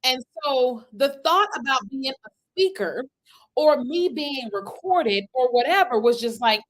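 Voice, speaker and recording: High-voiced woman chatting to her live viewers. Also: unhurried, low-quality recording. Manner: animated, chatty, asks the audience for replies, frequent "right?" and "okay?". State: itchy from an allergy. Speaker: content creation coach. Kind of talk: livestream talk to viewers. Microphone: computer webcam.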